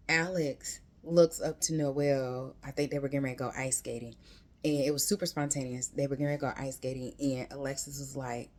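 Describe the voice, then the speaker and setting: A woman's voice: very deep voice, a little mellow. A woman retelling a novel's plot in a casual book review, rambling with many "um"s and "like"s. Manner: rambling, chatty, heavy use of "um" and "like"; retells the story with quoted lines.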